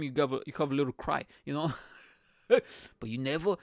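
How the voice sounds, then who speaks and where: Joking, profane Balkan-born podcast host. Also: male voice, on the high side, fast, gravelly, no room sound, clean studio sound. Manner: playful, profane, self-mocking. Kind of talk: comedic storytelling monologue.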